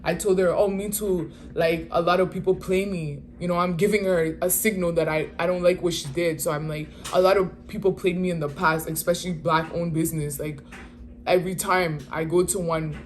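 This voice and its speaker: Animated slangy woman telling a story. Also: deep voice. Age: 20s. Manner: animated, slangy, exasperated retelling. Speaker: vlogger. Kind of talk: casual storytime.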